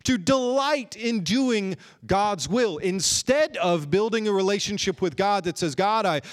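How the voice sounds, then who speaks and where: A man preaching a sermon in an earnest way, slowing down and drawing out key phrases for emphasis. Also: high voice, animated. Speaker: pastor.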